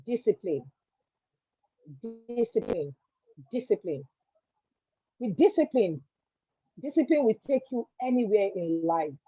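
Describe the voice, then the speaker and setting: A Nigerian woman with a fairly high voice tells her story in an interview. She speaks earnestly and repeats key words for emphasis. The sound is dry and a little muffled. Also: mellow, dry recording. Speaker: guest entrepreneur.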